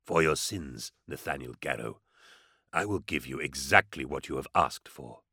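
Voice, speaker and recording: A man voicing an ancient, solemn male psyker regent who speaks slowly and gravely in an audiobook. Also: very deep voice, lively intonation, bright, forceful tone, dry recording, studio quality, voice pushed down, exaggerated voice. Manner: slow, grave, intoning. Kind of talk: audiobook character voice.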